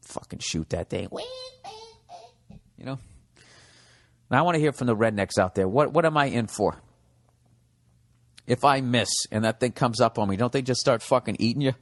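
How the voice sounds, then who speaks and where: In a large hall, an American comedian and podcast host with a lowish voice rants profanely. It's a comedic podcast monologue.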